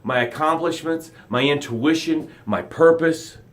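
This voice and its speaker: A middle-aged man runs a motivational live broadcast, reading out viewer comments at an unhurried pace. He swings from loud, dramatic pushes down to soft, quiet lows.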